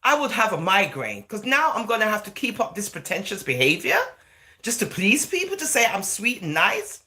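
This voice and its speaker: A woman's voice: medium pitch, sing-song, normal speed, pushed and bright. A woman from England, vlogging in a chatty, rambling monologue. She fills her talk with "you know" and "right?" and slips into Jamaican-style phrasing. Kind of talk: casual talking-to-camera monologue.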